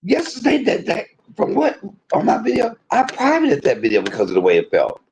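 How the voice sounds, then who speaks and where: A man hosting a livestream, venting in an aggrieved rant that swings between loud outbursts and low muttering. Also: wildly swooping pitch, fairly quick, a little hiss or hum. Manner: swears freely, talks straight to viewers. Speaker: livestream host.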